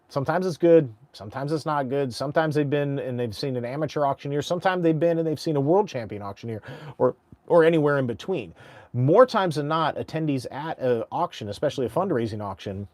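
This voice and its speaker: A man, an auctioneer, teaching casually and breaking into quick rhythmic auction chant demos with an energetic, conversational delivery. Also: medium pitch, no echo. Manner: energetic, conversational, frequent restarts. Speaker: auctioneer and instructor.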